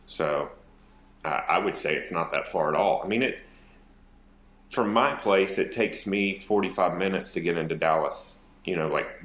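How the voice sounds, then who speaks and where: A low-voiced man from North Texas co-hosts a podcast over a remote call, and the room sounds echoey. He chats casually and relaxed, rambling and hesitating with plenty of fillers.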